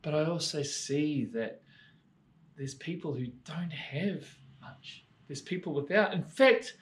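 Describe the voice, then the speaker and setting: A man voicing a sorrowful, gentle statue of a prince in a children's story, talking softly. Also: fairly high pitch, animated, slow pace. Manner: soft, sad and imploring.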